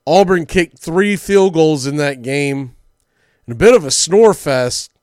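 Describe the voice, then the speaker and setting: A man's voice: fairly high pitch, expressive, unhurried, a little mellow, smooth, no room sound, studio quality. A man hosting sports talk radio, telling old game stories in a chatty way with small slips.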